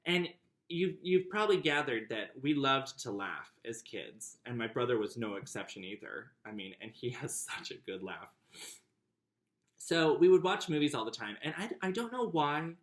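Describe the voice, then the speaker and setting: A man narrating his personal memoir in a chatty, warm way, with frequent fillers and light laughs. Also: mid-range voice, reverberant. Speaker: memoir author.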